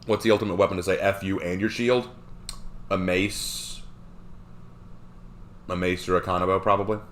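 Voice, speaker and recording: A man streaming live, reading and answering chat questions in a rambling, animated way with frequent fillers. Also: sits low, moderate pace, slight background noise.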